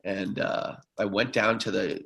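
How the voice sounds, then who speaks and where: A man co-hosting a podcast, telling a story in a lively, casual way and acting out the quotes. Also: lowish voice, a little slow, vocal fry, highs cut off. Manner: animated storyteller, acts out quotes. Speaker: podcast co-host.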